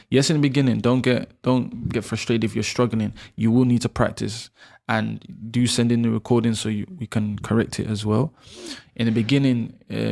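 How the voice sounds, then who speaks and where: A man's voice: lowish voice, vocal fry, a little mellow. A man giving a casual spoken lesson on Arabic letters, repeating throat sounds in an exaggerated way and correcting himself as he talks. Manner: self-correcting, chatty, laughs at himself. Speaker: Arabic teacher.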